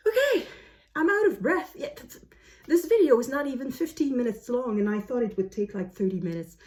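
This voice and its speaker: A woman from Canada hosting a book video in a casual, chatty way, rambling and correcting herself with frequent fillers and quick asides. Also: a little high, lively intonation, warm tone. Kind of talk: casual chatty vlog talk.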